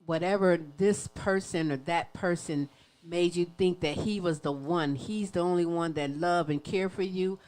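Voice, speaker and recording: Low-voiced woman host, affirming. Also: normal speed, darkish tone, faint music behind. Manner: affirming, empathetic. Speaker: talk show host. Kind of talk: interview.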